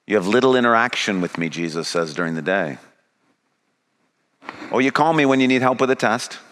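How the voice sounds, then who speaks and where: A man's voice: lowish voice, animated, fairly quick, fairly bright tone. A man preaching a sermon, paraphrasing Jesus and building to a pressing, rising delivery. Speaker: pastor.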